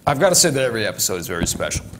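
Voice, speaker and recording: A man's voice: lowish voice, sing-song, very fast, noisy background. A man hosting a casual panel chat about nerd news, rambling along with many fillers and restarts. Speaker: host.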